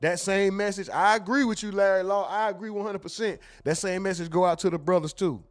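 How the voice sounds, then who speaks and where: A man runs a laid-back livestream in a brisk, high-sitting voice with fairly even intonation. Between jokes and free-flowing profanity, he reads viewers' comments aloud and now and then mimics someone.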